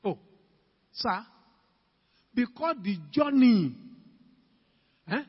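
A man with a Ghanaian English accent preaching a sermon, calling out to the congregation with emphatic questions and rising to shouts. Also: high voice, expressive, normal speed, husky. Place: church hall. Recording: dull, reverberant church hall recording.

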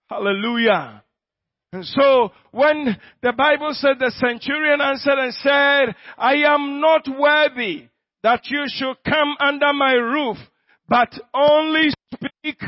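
A man preaching a sermon, slow and emphatic, repeating his phrases and breaking into shouted healing prayer. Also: extremely high pitch, no echo, muffled recording.

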